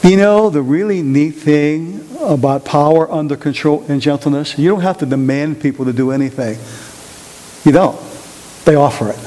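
A man with a notably high voice leads a Bible study. He preaches in an animated way, tossing questions to the group and repeating his points. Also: normal speed. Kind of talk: interactive sermon.

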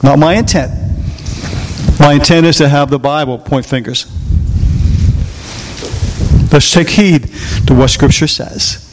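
A middle-aged man preaching from the pulpit in a notably high voice. He drives each point home by hammering lines again and again. He keeps throwing questions out to the congregation. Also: a little slow, long pauses, noisy background. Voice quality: emphatic, asks the congregation questions and repeats key lines. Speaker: pastor. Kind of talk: sermon.

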